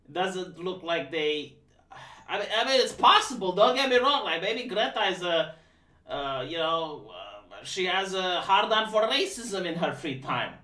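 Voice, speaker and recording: A high, bright male voice that mocks with dry sarcasm and trips over his own words as he restarts. He sits back from the mic in a room that echoes noticeably. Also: sing-song, unhurried, far from the mic. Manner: sarcastic, mocking, stammering restarts. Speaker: live-stream host. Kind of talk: casual live-stream commentary.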